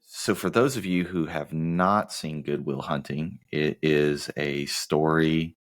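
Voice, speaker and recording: A man's voice: very deep voice, steady tone, slow. A man from the American South co-hosting a casual movie podcast, teasing his co-host and rambling through plot summaries. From Southern United States. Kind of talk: casual movie-review chat.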